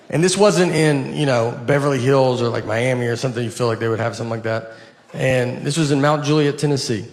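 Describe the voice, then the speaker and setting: A man's voice: medium pitch, moderate pace. A man doing a stand-up comedy routine, telling stories in a dry, meandering way. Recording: reverberant hall, faint noise.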